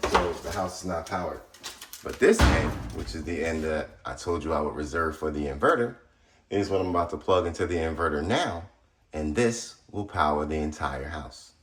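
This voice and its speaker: A man's voice: sits low, normal speed, echoey room, background noise. A man hosting a casual how-to video, talking straight to viewers in a blunt, chatty way while he works around his house. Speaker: DIY solar video host. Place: house interior, laundry area.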